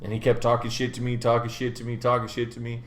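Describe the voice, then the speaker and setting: A young man hosting a podcast. He tells an animated, profane anecdote in casual chat. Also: medium pitch, fast talker. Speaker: podcast host. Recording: echoey room.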